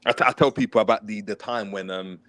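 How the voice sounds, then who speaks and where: A man, chatting casually and telling animated stories about his football past. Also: on the low side, fast talker, no room sound. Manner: animated storytelling, mimics a shouting coach. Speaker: former footballer, podcast guest. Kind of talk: casual chat.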